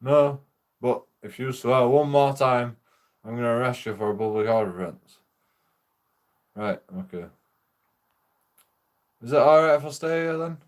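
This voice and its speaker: Guy streaming a game, rambling story full of swearing, laughs a lot, average pitch. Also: measured pace, long pauses. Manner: rambling, profane, laughs often. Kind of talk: casual storytelling while gaming.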